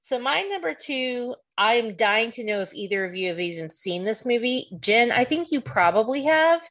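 A woman's voice: on the high side, expressive, moderate pace, fairly bright tone. A woman co-hosting a podcast in casual chat, talking chattily and rambling with lots of fillers while recounting a movie. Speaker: podcast co-host.

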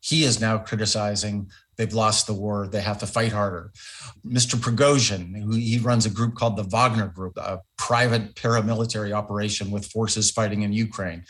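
A man's voice: lowish voice, fairly even intonation, normal speed, a bit bright. A middle-aged man, a former ambassador, answering radio interview questions in a thoughtful, emphatic way. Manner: thoughtful, emphatic, with fillers and restarts.

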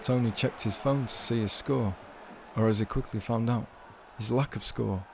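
A man telling a comic story in a measured, deadpan way. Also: medium pitch, gravelly, background noise. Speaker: storyteller guest.

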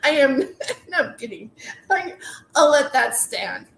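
A woman's voice: high-pitched, big pitch swings, slow, gravelly, fairly bright tone, reverberant. A woman in her forties, a comedian telling a rambling story full of "like"s, restarts and laughing asides. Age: 40s. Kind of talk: casual storytelling monologue.

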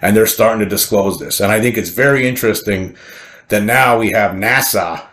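A man reading an article aloud and commenting on it, excited and emphatic, repeating words as he builds his point. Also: fairly low pitch, moderate pace. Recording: roomy echo.

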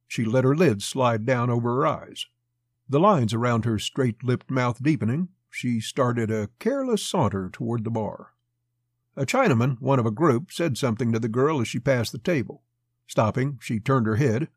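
Male narrator, husky, dry close sound, measured storytelling. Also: medium pitch, dry recording. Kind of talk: audiobook narration of a western.

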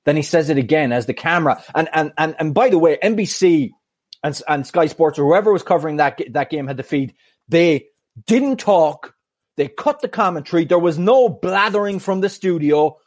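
A man in his mid-thirties telling a story on a podcast with a slightly high voice. He is animated and acts out the people in his tale. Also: normal speed. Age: mid-30s. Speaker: podcast co-host. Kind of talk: casual chat, anecdote.

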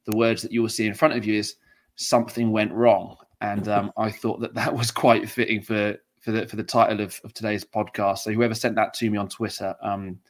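A man's voice: fairly low pitch, flat delivery, brisk. A man from England hosting a football podcast, chatting casually with restarts and laughs. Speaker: podcast host.

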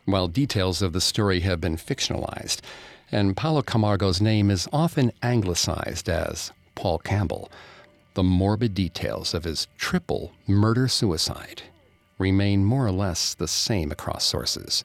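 Deep-voiced man narrating true crime. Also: unhurried, gravelly, no room sound.

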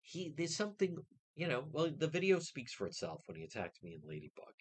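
A man hosting a radio talk show, ranting indignantly and mocking others' words in quick put-on quotes. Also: a little high, huge pitch swings, husky.

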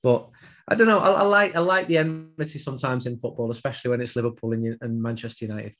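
Quick and a bit bright, this medium-pitched man is a football podcast regular making casual conversation. He pokes fun at himself and frequently repeats words at the start of a thought.

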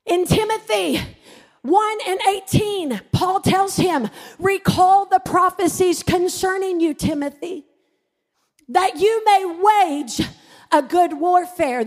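A woman pastor preaching a sermon, mixing personal stories and humour with fervent passages that rise to shouted declarations. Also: extremely high pitch.

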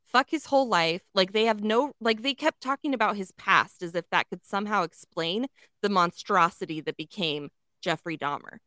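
Blunt swearing woman with a smooth voice. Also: mid-range voice, moderate pace, bright, forceful tone, no room sound. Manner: blunt, emphatic, heavy swearing. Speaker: podcast co-host. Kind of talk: casual chat.

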